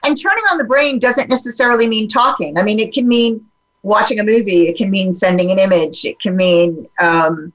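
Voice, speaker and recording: A woman talking openly in a casual podcast conversation, animated and full of fillers and restarts. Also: medium pitch, fairly quick, low-quality recording.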